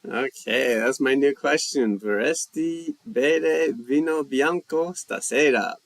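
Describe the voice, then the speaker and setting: A man hosting a casual language-learning live chat, reading viewer comments and musing aloud at an easy, unhurried pace. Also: mid-range voice, creaky, no echo. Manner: slow, relaxed, thinking aloud while reading chat. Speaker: language livestream host.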